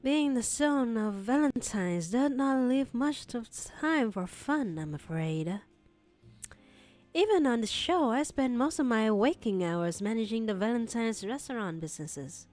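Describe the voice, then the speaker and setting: A woman's voice: fairly high pitch, unhurried, faint music behind. A woman voicing a polite, formal wealthy young man with a put-on British accent, reading a script for voice acting practice. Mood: rueful. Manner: courteous, formal, gently flattering.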